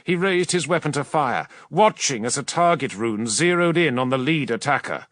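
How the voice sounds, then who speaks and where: A man's voice: mid-range voice, expressive, normal speed, fairly bright tone, dry recording. Dramatic male audiobook narrator. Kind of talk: scripted narration.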